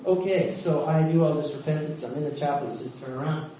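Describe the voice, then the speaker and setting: A male preacher giving a sermon with animated, jokey storytelling and frequent laughs. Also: fairly high pitch, fast. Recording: echoey hall, distant mic, faint hiss.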